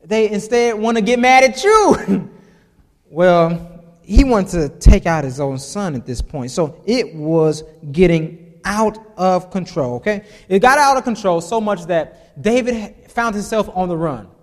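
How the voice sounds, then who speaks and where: A man's voice: high-pitched, expressive, a little slow, big-room sound. A man preaching a casual sermon, reading scripture aloud and adding chuckling, conversational asides.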